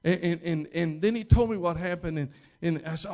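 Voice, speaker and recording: A man's voice: fast talker, hardly any pauses, a little mellow. Rambling, emphatic male pastor. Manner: rambling, with many restarts and repeated words; emphatic, rising in pitch and volume at key moments. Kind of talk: storytelling sermon.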